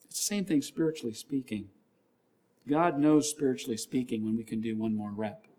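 A man's voice: medium pitch, moderate pace. A male pastor delivering a sermon in an earnest way, often repeating key lines and scripture references. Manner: acts out shouting gym trainers with a louder voice.

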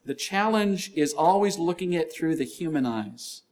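A man's voice: on the high side, animated, moderate pace. A male pastor delivering a sermon in an earnest way, often repeating key lines and scripture references. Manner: acts out shouting gym trainers with a louder voice.

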